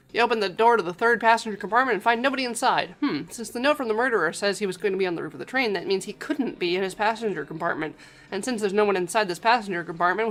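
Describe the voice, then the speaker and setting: A woman's voice: mid-range voice, a bit bright. A woman streaming a game, reading its text aloud with wry, joking asides.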